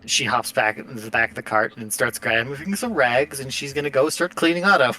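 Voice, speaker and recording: A man's voice: medium pitch, fairly quick, sharp tone. A man narrating as game master in a casual tabletop game, wry and amused, with filler words.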